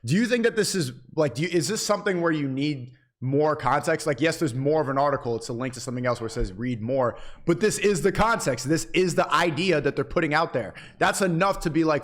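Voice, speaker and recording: Animated young man streaming, higher voice. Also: brisk, few pauses. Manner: animated, swearing, reads chat donations. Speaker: streamer host. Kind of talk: casual livestream chat.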